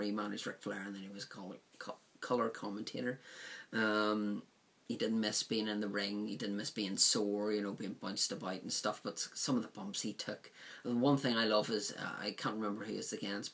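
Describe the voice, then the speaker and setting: A man's voice: lowish voice, creaky, fairly bright tone. A man casually reviewing a DVD set, rambling with frequent ums and likes.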